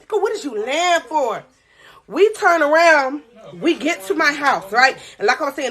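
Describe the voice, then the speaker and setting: A woman in her twenties telling a storytime on a live vlog, animated and slangy, laughing as she goes. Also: sits high, a little hiss or hum. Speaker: vlogger.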